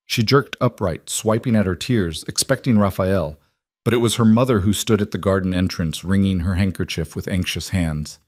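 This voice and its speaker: Low-voiced male story narrator. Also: moderate pace, darkish tone, no room sound, studio quality.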